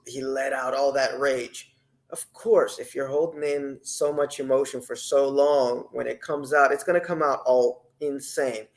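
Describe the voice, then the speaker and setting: A man giving a casual, rambling spoken review of a TV episode, animated, with many fillers and restarts. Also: fairly high pitch, poor audio.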